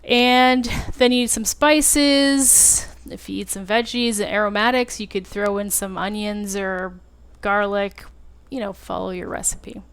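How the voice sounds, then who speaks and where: A woman's voice: mid-range voice, fairly even intonation, unhurried, fairly bright tone, smooth. A woman hosting a casual cooking tutorial, chatty and self-deprecating, with lots of fillers. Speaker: home cooking channel host.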